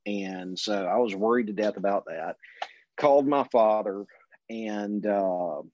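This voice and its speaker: A man telling a long casual story as an interview guest, in a relaxed anecdotal way, briefly mimicking the people he quotes. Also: on the low side, unhurried, dry recording. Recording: dull lo-fi recording.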